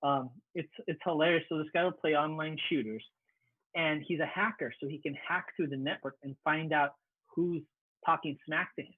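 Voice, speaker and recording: A man telling stories in a relaxed stream chat, animated, often stumbling over his first words. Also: on the high side, moderate pace, no room sound. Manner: animated storyteller, repeats words when starting. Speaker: panelist. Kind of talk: casual chat. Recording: tinny phone-like line.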